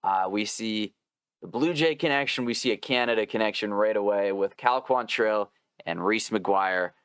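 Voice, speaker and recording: A young man hosting a podcast in casual chat, telling stories in an animated, profane way and laughing often. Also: lowish voice, moderate pace, clean tone, no room sound. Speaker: podcast host.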